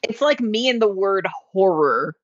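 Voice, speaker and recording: A woman chatting as a tabletop game player, giggling and gently correcting the others. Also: medium pitch, lively intonation, normal speed, dry recording, highs cut off. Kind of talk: casual chat among players.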